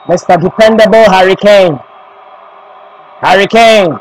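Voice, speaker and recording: Very high-voiced slow-talking football commentator man. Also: rough recording. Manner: dramatic play-by-play calling of names. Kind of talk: live match reaction commentary.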